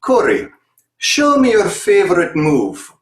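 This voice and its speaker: A man voicing a gruff fifty-something male Russian circus coach in a put-on Russian accent, giving blunt, clipped commands in broken English. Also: sits high, huge pitch swings, takes it slowly, pitched above the performer's own voice, full character voice. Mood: commanding. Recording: echoey room, distant mic.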